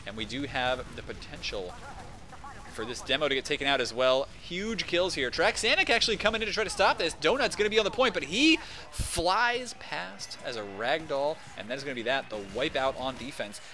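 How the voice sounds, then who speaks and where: A man shoutcasting a competitive video game match, excitable and casual, rambling between calls. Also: a little high, a little fast. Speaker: esports shoutcaster. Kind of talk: play-by-play game commentary.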